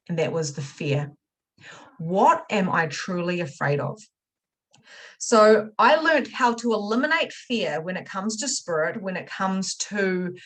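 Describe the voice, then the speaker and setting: A woman teaching a spiritual money masterclass. She talks casually and swears, leaping from loud excitement to quiet, confessional asides. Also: lowish voice, rough recording. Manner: casual swearing, chatty direct address. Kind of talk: motivational masterclass talk.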